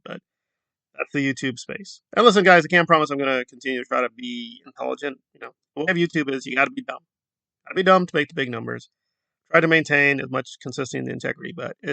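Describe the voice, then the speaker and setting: A man giving casual YouTube commentary in a self-described monotone delivery. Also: mid-range voice, gravelly, dry recording.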